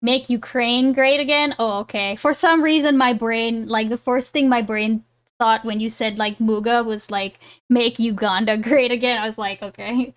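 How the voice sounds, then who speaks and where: A woman's voice: a little high, steady tone, moderate pace, clear, resonant tone. A woman streamer chatting casually and laughing while reacting live. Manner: giggly, rambling, self-deprecating.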